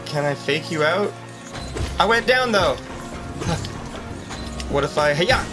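A man's voice: fairly high pitch, measured pace, loud music behind the voice. A man hosting a gaming channel, giving jokey let's-play commentary and yelping and exclaiming as he plays. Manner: excitable, jokey, yelps and exclaims while playing.

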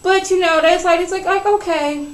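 A woman giving a casual, sassy recap of a reality show, chatting in a lively storytelling way. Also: very high voice, moderate pace, roomy sound, poor audio.

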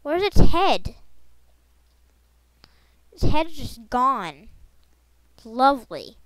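High, lively playful woman gaming. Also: extremely slow, no echo, low-quality recording. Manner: playful, rambling, silly sound effects. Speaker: gaming channel host. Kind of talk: gameplay commentary.

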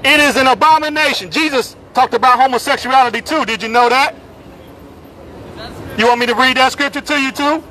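A man preaching in the open air on a city street, forceful and repetitive, calling out the people passing by. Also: extremely high pitch, brisk, pauses often, rough recording. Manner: forceful and repetitive, calls out passersby. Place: busy city street outdoors. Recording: street crowd and traffic noise. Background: crowd chatter and passing vehicles.

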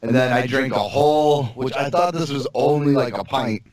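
A man's voice: mid-range voice, normal speed, a little mellow. Laid-back guy rambling through a story on a podcast, lots of likes and uhs. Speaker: podcast co-host. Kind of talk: casual banter.

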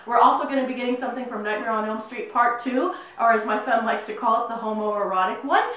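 In a strongly echoing New Mexico home room, with the mic set at a distance, a middle-aged woman runs a casual horror unboxing vlog as a YouTube host. She speaks fast in a higher, fairly bright voice, bubbly and gushing and leaning on many fillers.

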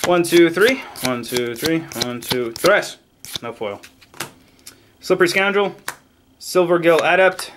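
A man casually opening trading card packs on camera, excitably rattling off card names and cracking jokes. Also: a little high, slow pace, long pauses, noisy background. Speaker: card pack opening vlogger. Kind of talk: casual card unboxing commentary.

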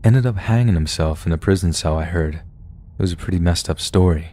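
A man's voice: low-pitched, fairly quick, warm tone. A man narrating a first-person horror story in a casual, conversational way.

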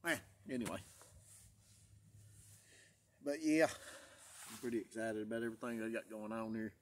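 A man's voice: lowish voice, moderate pace, slight background noise. A man, chatting in a folksy, rambling way for his vlog while out in the woods, tired after a long day. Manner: folksy, rambling, repeats himself. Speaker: vlogger. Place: outdoors in the woods.

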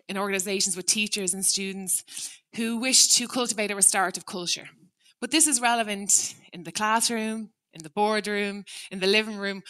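A woman in middle age speaks from a stage in a bright, forward voice at an ordinary pitch. She tells her story earnestly and reflectively, acting out both sides of a conversation. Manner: earnest, reflective, acts out dialogue. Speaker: teacher turned restorative practice trainer. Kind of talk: prepared public talk with storytelling.

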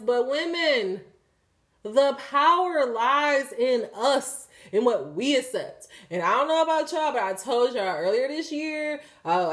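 Laughing as she talks, a woman who hosts a tarot channel delivers a frank, profane lecture to her viewers in a slightly high voice. It's a candid reading, and her delivery jumps back and forth between loud and soft.

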